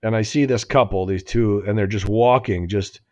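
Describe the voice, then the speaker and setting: Telling a long, meandering story on the podcast he co-hosts, a man in his forties keeps breaking off mid-thought and laughing at himself. He speaks at normal speed in a lowish, slightly mellow voice.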